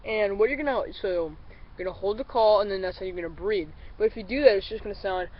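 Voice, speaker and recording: A man who is a little sick, explaining duck calls in a relaxed, rambling tutorial and calling the viewers guys. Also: high voice, fast talker. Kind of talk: casual tutorial. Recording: slightly dull lo-fi recording with faint vehicle noise.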